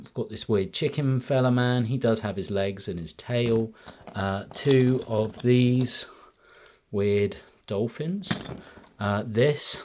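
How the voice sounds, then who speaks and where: A man's voice: on the low side, a little mellow, a little hiss or hum. A young man in a casual show-and-tell vlog, chatting through his car boot finds with lots of ums and uhs. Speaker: car boot haul vlogger.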